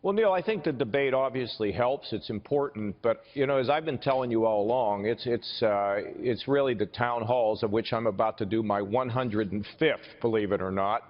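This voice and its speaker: A man's voice: mid-range voice, moderate pace, few pauses. Upbeat older man on a remote TV feed. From Ohio. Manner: upbeat, insistent, repeats "Neil" often. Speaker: political candidate guest. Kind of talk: remote TV interview. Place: outdoors in snowy weather. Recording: dull lo-fi broadcast feed with long reverb.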